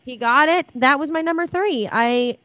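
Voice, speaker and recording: Chatty woman with a higher voice. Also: normal speed, fairly bright tone. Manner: chatty, laughing, teasing. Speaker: co-host of a live stream. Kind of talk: casual chat.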